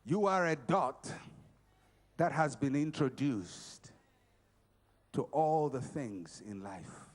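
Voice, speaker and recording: A middle-aged man preaching a motivational sermon at a conference. He is emphatic and repetitive, swinging between shouts and quiet passages. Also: mid-range voice, animated, slow, long pauses.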